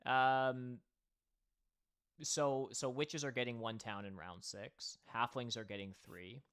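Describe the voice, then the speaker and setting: A man's voice: medium pitch, steady tone, takes it slowly, fairly bright tone, clean tone. A man hosting a livestream and commenting casually on a board game match. He thinks aloud and talks straight to his viewers.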